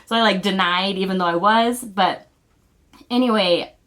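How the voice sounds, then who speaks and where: A woman talks straight to camera in an earnest, heartfelt way, pausing and restarting as she searches for words. Her pitch sits in a middle range, and she speaks as a family vlogger sharing personal news. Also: a bit bright. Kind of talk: personal video announcement.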